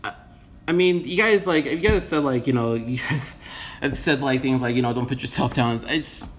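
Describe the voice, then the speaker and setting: A man from the United States talks straight to his viewers in a loose, rambling rant. He is blunt and profane, and his voice sits at an ordinary middle pitch. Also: normal speed. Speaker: vlogger. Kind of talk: casual opinion rant to camera.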